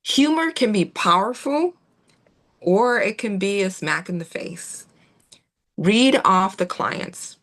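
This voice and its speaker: A woman giving a gentle, reassuring training talk to veterinary staff, with fillers and restarts. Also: medium pitch, lively intonation, slow. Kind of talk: instructional talk on client communication.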